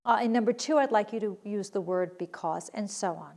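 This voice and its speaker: A woman's voice: medium pitch, brisk, darkish tone. A woman teaching a recorded writing lesson, patiently explaining sentence structure and reading examples aloud.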